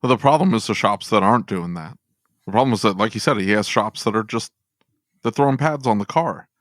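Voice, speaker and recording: Low-voiced male podcast host, dry sound. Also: fairly quick, no echo. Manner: candid, laughs often, speeds up when annoyed. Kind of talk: casual podcast conversation.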